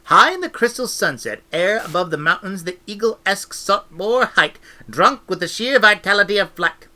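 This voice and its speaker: A man reading a novel aloud with expressive, animated storytelling. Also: high voice, moderate pace. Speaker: audiobook reader.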